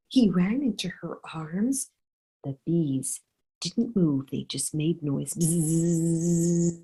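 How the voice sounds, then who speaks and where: A woman storyteller narrating a children's story with an expressive, drawn-out delivery. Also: sits low, slightly rough, soft background music, low-quality recording.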